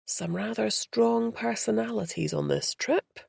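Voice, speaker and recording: A cheerful but worn-out male tour guide who sounds weary and drops into confiding asides, voiced by a woman narrator. The voice is low and gravelly, recorded close and dry for a storybook. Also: animated, moderate pace, a little mellow, no echo.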